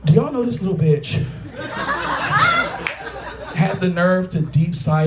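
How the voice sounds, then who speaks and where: A man in his late twenties doing a profane, animated stand-up set, acting out quotes, on a taproom stage. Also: high-pitched, takes it slowly, noisy background. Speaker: stand-up comedian. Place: taproom stage with a live audience. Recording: echoey bar room with loud crowd laughter.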